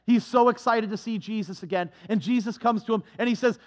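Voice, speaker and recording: A man's voice: sits high, brisk, few pauses. Impassioned man preaching a sermon. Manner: dramatic swings from hushed to impassioned.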